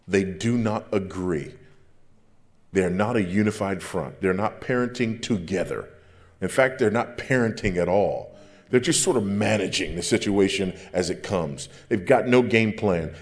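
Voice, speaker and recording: A man preaching a sermon as pastor, with a big deep voice and an emphatic way of repeating phrases. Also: moderate pace.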